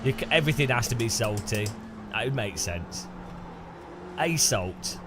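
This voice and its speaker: A British man with a medium-pitched, animated voice streams a racing game at a measured pace, music playing under him. He gives casual gaming commentary, joking and teasing with his viewers.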